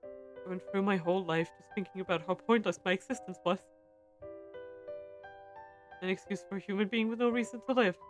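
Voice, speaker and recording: A woman reading aloud the farewell letter of a gentle young man who is dying, in a soft, earnest way. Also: medium pitch, fairly even intonation, brisk, pauses often, faint music behind, close to an everyday voice. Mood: tender.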